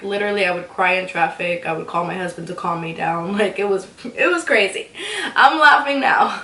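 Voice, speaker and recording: A young woman telling a casual storytime vlog, animated and ranting, often laughing. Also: medium pitch, far from the mic, slight background noise. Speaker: vlogger. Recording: echoey room, voice a bit off-mic.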